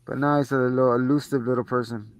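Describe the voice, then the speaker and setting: A man co-hosting a movie review show talks fast in a medium-pitched voice, with no room sound. In casual chat he gives an animated, swear-filled plot recap, acting out the characters' lines.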